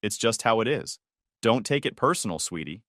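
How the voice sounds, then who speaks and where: A man voicing a cold, condescending older grandmother in a spoken story, light and sweet but sharp. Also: lowish voice, animated, moderate pace, no room sound, clean studio sound.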